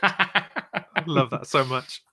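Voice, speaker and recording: A man's voice: a little high, very slow, sharp tone, dry recording. A man co-hosting a podcast in casual chat, adding dry, joking asides. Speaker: podcast co-host.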